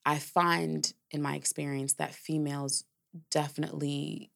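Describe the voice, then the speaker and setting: Low, gravelly-voiced woman podcaster. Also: level tone, measured pace, fairly bright tone. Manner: candid and reflective, with swearing and filler words. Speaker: podcast host. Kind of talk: casual storytelling monologue.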